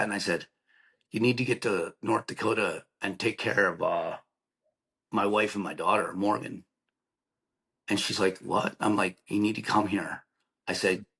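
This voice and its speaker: A man in his thirties, a podcast guest, telling a painful personal story in a halting, emotional way with many restarts. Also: fairly low pitch, steady tone, gravelly, fairly bright tone, low-quality recording.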